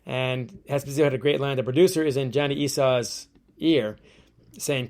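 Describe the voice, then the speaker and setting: Man, author guest, lively storyteller, mid-pitched voice, acts out the quotes. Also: moderate pace. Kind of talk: storytelling interview.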